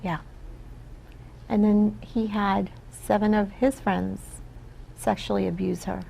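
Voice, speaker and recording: A woman from the Philippines speaks as an interview guest, earnest and reflective, often checking in with "right?". Her voice is dark and gravelly. A faint hiss of noise sits behind her. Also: medium pitch, little pitch movement, slow pace, rough recording. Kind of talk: casual interview talk.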